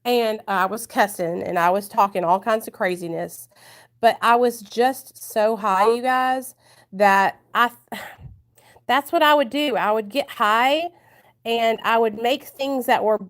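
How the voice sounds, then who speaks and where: A woman's voice: medium pitch, fairly bright tone. A woman from the United States, a vlogger speaking candidly and with emotion to her viewers in a confessional vlog.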